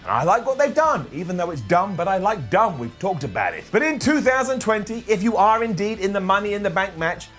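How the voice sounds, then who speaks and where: Male host, high and animated, sarcastic comedic wrestling reviewer. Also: soft background music. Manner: jokey, sarcastic asides, quick voices for quotes.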